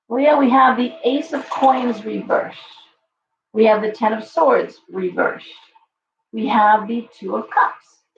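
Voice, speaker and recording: Woman tarot host, live stream, a little hoarse from losing her voice, chatty and reassuring, roomy dull audio. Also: fairly high pitch, slow, pauses often. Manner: chatty, reassuring, addresses viewers directly. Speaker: tarot reader hosting a live show.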